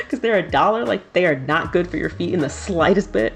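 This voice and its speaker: A woman in her thirties, a streamer chatting casually and laughing often while doing her nails. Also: lowish voice. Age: 30s.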